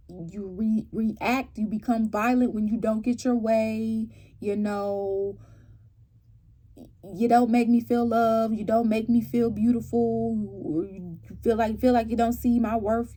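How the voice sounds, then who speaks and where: A woman giving a casual tarot reading to her viewers. She asks animated rhetorical questions and keeps checking in with "right?" and "okay?". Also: a little high. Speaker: tarot reader.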